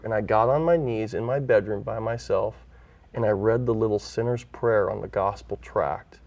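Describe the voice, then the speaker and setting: A man's voice: lowish voice, moderate pace, a little mellow, far from the mic. A man from California, a pastor who is a guest on an interview show, earnestly telling his own story and acting out the voices he quotes. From California, USA.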